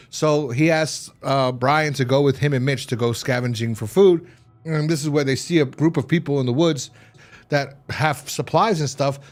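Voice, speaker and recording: A man's voice: medium pitch, moderate pace. Rambling man recapping a TV episode. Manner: rambling, filler-heavy retelling. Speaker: TV episode reviewer.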